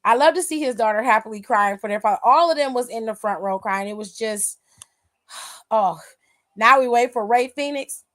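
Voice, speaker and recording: A woman's voice: a little high, moderate pace, a bit bright. A woman hosting a wrestling aftershow, giving casual, emphatic, profane live-stream commentary and reading viewer comments aloud.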